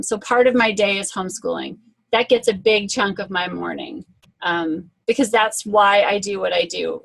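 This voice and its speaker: A woman's voice: mid-range voice, no room sound, rough recording. A woman speaking as a guest on a group call, telling stories in an earnest, conversational way to motivate her listeners. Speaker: guest speaker and fitness coach.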